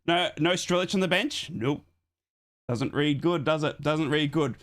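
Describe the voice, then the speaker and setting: A young man hosting a live football watchalong stream from home, hoarse from a chest infection and thanking viewers over and over. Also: fairly high pitch, a little slow, a bit bright. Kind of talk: excited live-stream chat. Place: home streaming setup in Australia.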